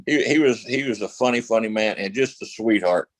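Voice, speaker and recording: A man's voice: fairly low pitch, a little fast, no echo, low-quality recording. A male actor guest telling stories in a casual interview, rambling with lots of fillers and restarts.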